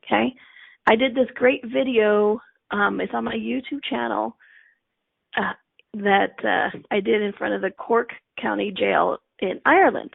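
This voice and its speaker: A woman's voice: mid-range voice, fairly even intonation, a little slow, gravelly, breathy edge, dry recording, phone-quality sound. A woman coaching on a live stream, telling a client story in a chatty way and acting out the quotes. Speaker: life coach.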